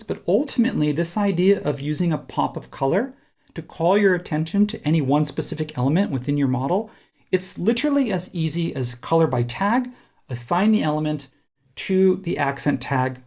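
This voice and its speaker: Gravelly man talking through a tutorial. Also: fairly high pitch. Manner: relaxed, thinking aloud while working. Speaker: instructor. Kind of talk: screen-recorded software tutorial.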